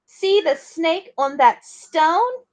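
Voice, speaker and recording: A woman voicing an excited young girl in a read-aloud storybook, calling out in a high, drawn-out, eager way. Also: full character voice. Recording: dull lo-fi recording.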